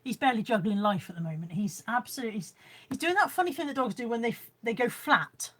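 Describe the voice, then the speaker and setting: Streaming live from her room at home, a woman vlogger talks fast in an expressive, rather high voice. She keeps it casual, showing her haul and reading out comments from viewers.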